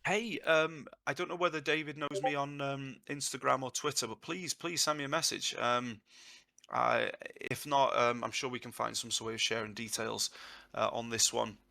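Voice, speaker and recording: A man whose first language is English, chatting casually and telling jokey, animated stories as a guest teacher. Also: mid-range voice, normal speed, gravelly. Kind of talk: casual live chat. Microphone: online call audio.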